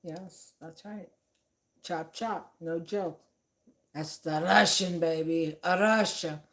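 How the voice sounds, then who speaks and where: A middle-aged woman with a fairly low voice talks slowly and unhurriedly as a vlogger. She rambles through her commentary with a sarcastic edge, circling back with fillers and side remarks. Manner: sarcastic, meandering, many fillers.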